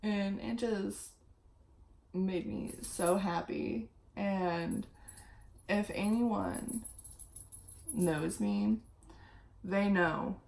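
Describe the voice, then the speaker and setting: A woman's voice: fairly low pitch, gravelly. A young woman telling a rambling, chatty story while getting ready on her vlog. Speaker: vlogger. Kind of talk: get-ready-with-me story time.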